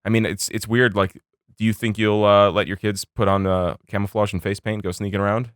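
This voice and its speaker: A man's voice: fairly low pitch, flat delivery, fairly quick, clear, resonant tone, no room sound, clean studio sound. A man on a podcast, reflecting on parenting and thinking aloud with lots of fillers. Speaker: podcast co-host. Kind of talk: casual chat. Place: studio.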